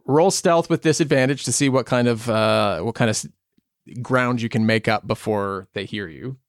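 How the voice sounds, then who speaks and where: Casting note: male game master, mid-pitched, halting delivery, many "uh"s and "like"s. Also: no echo, clean studio sound. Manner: halting, filler-heavy narration. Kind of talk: narrating a tabletop game.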